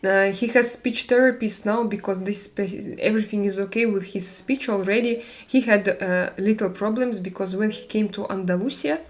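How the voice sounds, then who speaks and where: A woman from Russia with a Russian accent, hosting a live stream and chatting with viewers, halting with many fillers and restarts. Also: medium pitch, steady tone. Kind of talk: casual chat reading viewer comments.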